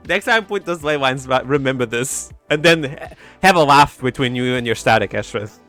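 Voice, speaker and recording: A man streaming in a casual chat, animated and giggly, breaking into sound effects. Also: medium pitch, a little slow, pauses often, soft background music.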